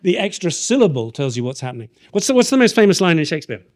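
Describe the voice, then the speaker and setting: Brief: British male teacher running a lively, playful drama workshop with lots of audience questions. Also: a little high, rapid-fire. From Britain. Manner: animated, playful, taps out verse rhythms aloud. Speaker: workshop leader.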